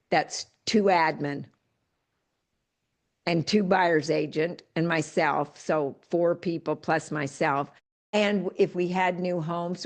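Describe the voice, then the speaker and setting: Emphatic older woman coaching, lowish voice. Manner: emphatic, folksy and direct. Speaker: real estate coach. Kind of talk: motivational talk.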